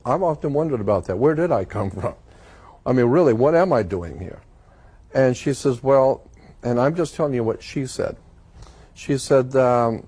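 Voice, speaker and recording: A man's voice: medium pitch, dark tone. A man as an interview guest, earnestly recounting a personal experience and acting out the dialogue. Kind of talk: personal storytelling in conversation.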